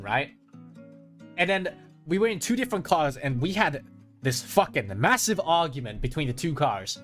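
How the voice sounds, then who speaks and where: A lively man tells a rambling road-trip story to his viewers, his pitch leaping up and down as he acts out his friends. He talks a bit higher than most men and swears freely. Faint guitar music plays under his voice. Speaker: streamer. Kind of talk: casual storytelling chat with viewers.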